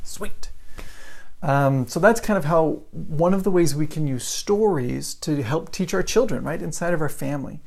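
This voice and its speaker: A man's voice: fairly high pitch, moderate pace, gravelly, few pauses, darkish tone. Brief: male English teacher, casual live-stream talk, storytelling, keeps asking "right?".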